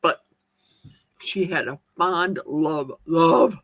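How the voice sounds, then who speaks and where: A woman's voice: low voice, extremely slow, fairly bright tone, no echo. A woman chatting casually on a live stream, eating as she talks and reading viewer comments aloud in her kitchen. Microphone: streaming mic.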